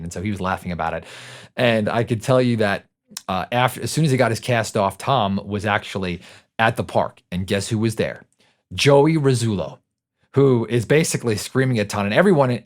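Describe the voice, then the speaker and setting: A middle-aged man hosting a podcast, telling a casual story in a conversational way and often checking in with the listener. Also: lowish voice. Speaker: podcast host.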